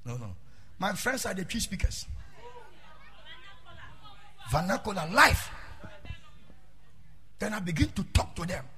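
A middle-aged man preaching a sermon and telling his own story, half-singing his phrases and breaking into shouts. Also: high-pitched, big pitch swings, measured pace, pauses often. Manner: fervent, half-sung cadences, bursts into shouting. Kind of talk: sermon with personal testimony.

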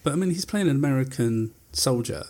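A man's voice: mid-range voice, expressive, fairly quick, a little mellow. A man reading out film trivia and chatting, a little hesitant. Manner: hesitant, with fillers. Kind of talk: reading out trivia, casual chat.

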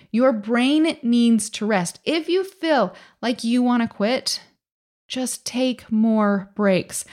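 A middle-aged woman hosting a motivational business podcast, talking in an upbeat, emphatic coaching way with lots of rhetorical questions. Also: a little high. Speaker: podcast host.

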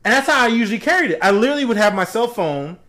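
Man, 40s, lively storyteller on a casual chat podcast; slightly raised pitch, swinging intonation. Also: very fast. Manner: animated storyteller, acts out voices of others. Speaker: podcast co-host.

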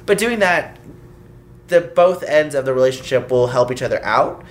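A co-host in casual chat, calmly explaining views on relationships. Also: medium pitch, normal speed.

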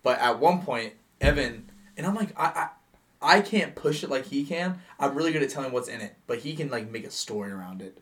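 A man co-hosting a podcast, telling restaurant stories in a casual, animated way and swearing often. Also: medium pitch, fairly quick. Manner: animated storytelling, swearing, laughing. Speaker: podcast co-host. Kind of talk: casual chat.

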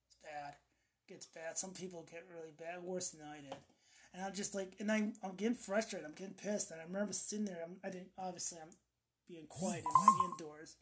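A woman with a raspy voice chatting casually, telling a rambling, profanity-laced story about quitting smoking and acting out what she said back then. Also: lowish voice, steady tone, a little fast, noisy background. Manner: profane, rambling storyteller acting out her own past outbursts. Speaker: ex-smoker sharing her story. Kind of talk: casual chat.

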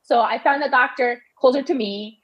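Woman telling a personal story, halting. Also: high-pitched, a bit bright, rough recording. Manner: halting, restarts often, quotes doctors in her own voice.

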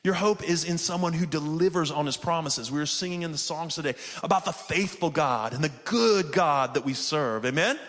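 A man's voice: fairly high pitch, normal speed, hardly any pauses, a bit bright, big-room sound. A pastor preaching a conversational sermon to his congregation, calling for responses from the pews and from viewers online. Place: church sanctuary, also streamed online.

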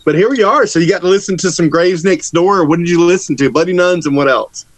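A man from Georgia talks as a guest musician in a relaxed interview. His voice sits a little high for a man and is recorded close and dry. He jokes around and laughs easily. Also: fast, no room sound, rough recording. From Georgia, USA. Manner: joking, laughs often. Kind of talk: casual interview chat.

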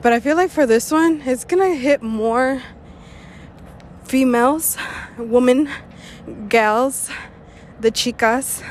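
A woman's voice: sits high, takes it slowly, long pauses, slight background noise. A young woman hosting her own talk show, rambling candidly and swearing freely, a little out of breath after a run. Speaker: podcast host. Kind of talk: casual personal monologue.

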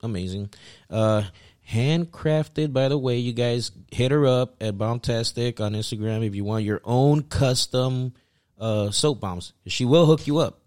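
A man hosting a podcast, giving shout-outs in a laid-back way with lots of fillers and casual swearing. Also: medium pitch, measured pace. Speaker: podcast host. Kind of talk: casual chat.

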